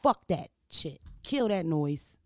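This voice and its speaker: A young adult woman hosting a podcast, telling stories in a profane, animated monologue and often asking "you know what I mean?". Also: low-pitched, slow, dry recording. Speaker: podcast host. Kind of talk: casual monologue storytelling.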